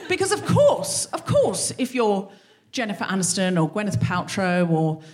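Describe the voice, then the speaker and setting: A woman hosting a live show, delivering an animated, sweary comic monologue on stage. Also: mid-range voice, moderate pace. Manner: animated, sweary, acts out quoted voices. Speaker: podcast host.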